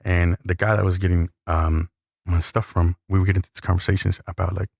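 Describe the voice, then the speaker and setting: A man in a podcast interview rattles through his stories at a fast clip in loose slang. His voice sits low and gravelly, with lively asides and quoted voices. The sound is dry and close to the mic. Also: no room sound. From El Salvador. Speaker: tattoo artist guest. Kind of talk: casual storytelling interview.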